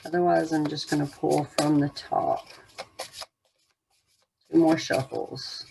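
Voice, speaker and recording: A woman's voice: sits low, level tone, slow pace, creaky, noisy background. A woman giving an unscripted oracle card reading to her viewers, musing in a meandering way with many fillers.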